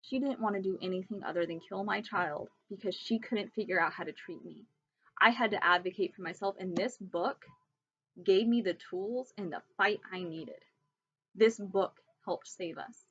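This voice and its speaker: A young woman speaks straight to camera at home, earnest and emotional, pleading with listeners again and again. Her voice sits at an ordinary middle pitch, captured on a somewhat dull, muffled home recording. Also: a bit bright, slightly rough. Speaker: vlogger sharing pregnancy illness resources. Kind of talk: earnest direct-to-camera vlog talk.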